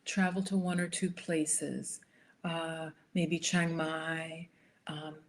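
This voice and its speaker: A woman's voice: sits low, flat delivery, slow, noisy background. A woman hosting a casual live stream, chatting and answering viewer comments, sometimes dropping to a near whisper. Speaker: live stream host and lifestyle coach.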